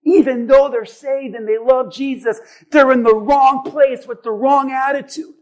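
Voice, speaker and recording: A man with a very high voice preaches to his church. He swings between shouting and dropping to a near hush. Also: steady tone, measured pace. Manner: swings between shouting acted disciples and soft hushed assurance. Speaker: pastor. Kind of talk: sermon.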